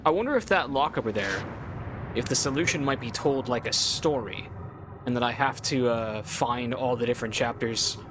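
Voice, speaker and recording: A man with a mid-range voice gives casual let's-play commentary while gaming, with background noise audible. He thinks aloud and rambles, using plenty of filler words.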